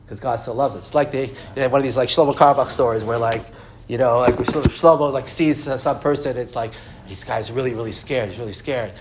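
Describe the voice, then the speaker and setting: A man's voice: medium pitch, brisk, background noise. A man giving a Torah class. He reads Hebrew and Aramaic sources, translates them line by line, and often restarts and repeats words as he explains. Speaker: Torah teacher.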